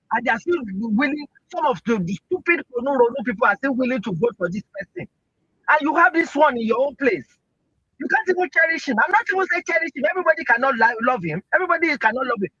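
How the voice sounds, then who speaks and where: A man's voice: extremely high pitch, pushed and bright, husky, dry recording, muffled recording. A man with a Nigerian accent speaking in an online audio room, giving heated political talk with impassioned, rhetorical questions. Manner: impassioned, rhetorical, keeps asking "Eh?".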